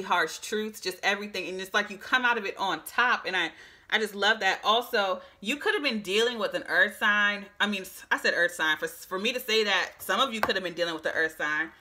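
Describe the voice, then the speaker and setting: Bright-voiced woman giving a tarot reading. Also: medium pitch, expressive, moderate pace. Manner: chatty, emphatic, restarts often. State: slightly hoarse voice. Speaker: tarot reader. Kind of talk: casual psychic tarot reading.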